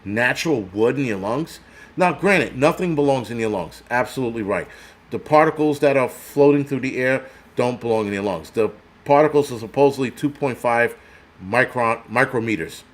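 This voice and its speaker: On his own prepper channel, an older New York City man vents in an angry vlog rant full of swearing, sarcasm and mocking voices of other people. He speaks at normal speed in a mid-range voice with lively intonation.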